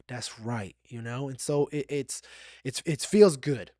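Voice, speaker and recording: A man's voice: medium pitch, a little slow, mellow, no room sound, studio quality. A man hosting a solo podcast, talking in a candid and reflective way, sometimes getting emotional and repeating himself. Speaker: podcast host.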